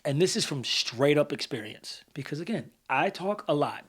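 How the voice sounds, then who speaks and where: A man co-hosting a casual podcast, animated, swearing freely and acting out heated examples. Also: fairly high pitch, normal speed, slightly rough. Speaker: podcast co-host. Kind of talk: casual conversational podcast talk.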